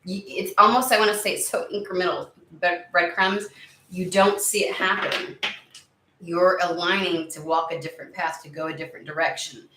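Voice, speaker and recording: A woman's voice: fairly low pitch, steady tone, normal speed, pushed and bright, far from the mic, slight background noise. Rambling woman reading tarot in an echoey room. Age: under 70. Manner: rambling, searching for words, many "like"s. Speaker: tarot reader. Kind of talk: casual spoken tarot reading.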